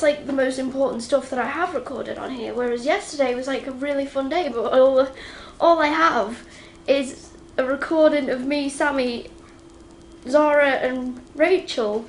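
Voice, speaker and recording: A high-pitched teenage girl chats into a handheld camera, exhausted and rambling, with lots of giggles and false starts. The clip is a casual home video diary. A clear hiss of room noise sits under her voice. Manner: rambling, giggly, many restarts. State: very tired after a night out. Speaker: vlogger. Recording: noisy home ambience.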